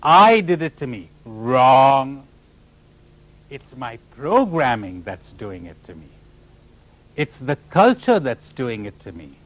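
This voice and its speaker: A man's voice: medium pitch, very animated, slow, no room sound. A man giving a spiritual talk to a live audience, teasing them with rhetorical questions and sometimes mimicking other people's voices. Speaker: spiritual teacher.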